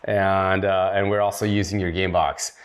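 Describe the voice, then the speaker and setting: Loud enthusiastic male podcast host. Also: deep voice, little pitch movement, normal speed, a little hiss or hum. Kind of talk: casual podcast chat.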